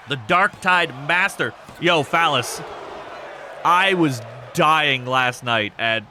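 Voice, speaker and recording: Commentating a wrestling game on a livestream, a man with a stuffy nose and medium-pitched voice gets excitable, laughing and swearing, and shouts when the action heats up. There is slight background noise.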